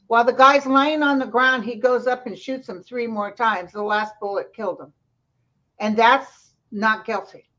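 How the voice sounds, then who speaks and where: A woman's voice: on the high side, steady tone, normal speed, bright, forceful tone. A woman joining a casual chat as guest psychic over a video call, talking in rambling, trailing sentences. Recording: dull lo-fi call audio.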